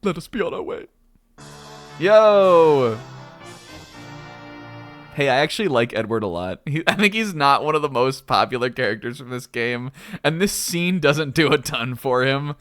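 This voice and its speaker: A man's voice: mid-range voice, animated, a little fast, hardly any pauses, a bit bright, soft background music. A man streaming a game, giving casual commentary with lots of laughter, jokes and swearing. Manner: laughing, joking, swears freely. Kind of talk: casual let's-play commentary.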